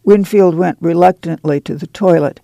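A man narrating an audiobook in a steady, measured reading. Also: fairly high pitch, gravelly, no room sound. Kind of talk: scripted narration.

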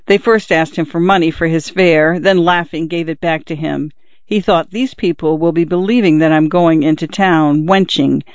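A man reading a literary story aloud in a measured, steady way. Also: on the high side, no room sound. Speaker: narrator. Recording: dull, dry, slightly lo-fi recording.

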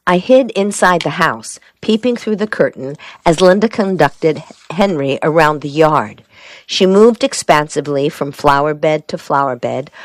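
A woman reading a story aloud in a steady, wry narrating manner. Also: low voice, no echo. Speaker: audiobook narrator. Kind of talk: scripted narration.

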